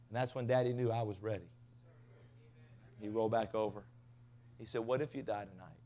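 A man preaching a revival sermon, telling stories with big swings from loud to hushed. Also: medium pitch, normal speed, long pauses, a little hiss or hum. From Tennessee. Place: revival tent.

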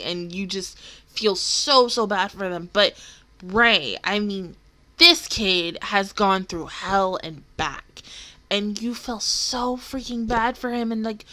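A woman's voice: medium pitch, pushed and bright. A young woman hosting an anime reaction video, rambling emotionally in casual commentary, with lots of fillers and some swearing. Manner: rambling and emotional, with many fillers and curse words.

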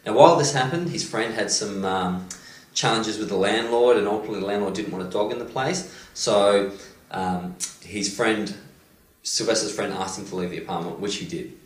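A man, a motivational coach, retelling a story with animated delivery and many "you know"s and "um"s. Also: fairly low pitch, moderate pace. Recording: roomy echo, distant mic.

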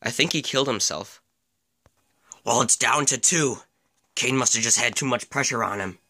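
A man calling a mock wrestling match with excitable play-by-play commentary and deadpan asides. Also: mid-range voice, normal speed, breathy edge.

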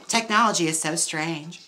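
Keep it giggly and chatty, a low bright-voiced woman. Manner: chatty, giggly, heavy use of "like". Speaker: livestream host styling a wig. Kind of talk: casual livestream chat.

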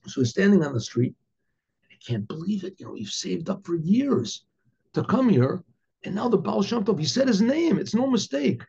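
A man who is a rabbi, telling a story in an animated way and often repeating words. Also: high-pitched, normal speed, vocal fry. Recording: dull lo-fi recording.

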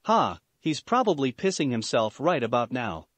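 A man's voice: mid-range voice, sing-song, moderate pace, a bit bright, no echo. A man reading the lines of a cocky young male swordsman who gloats and taunts his prey. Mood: gloating.

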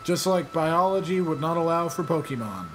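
A man's voice: a little high, lively intonation, moderate pace, a bit bright, a little hiss or hum. A young man giving casual, joking commentary while playing a video game, rambling and sarcastic. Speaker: let's play gamer.

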